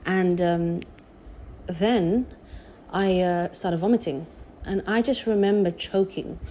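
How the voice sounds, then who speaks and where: A young woman telling a personal story in a halting, emotional way, with many restarts. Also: on the low side, warm tone, slight background noise. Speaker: vlogger.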